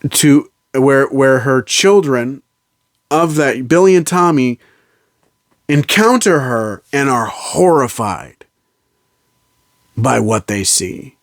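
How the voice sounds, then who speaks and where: A man's voice: on the low side, normal speed, no echo, studio quality. A man casually recapping a film's plot as a reviewer, rambling with lots of fillers and restarts. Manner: rambling, fillers and restarts, slips into quoted lines. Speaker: movie reviewer. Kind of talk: casual spoiler recap of a film.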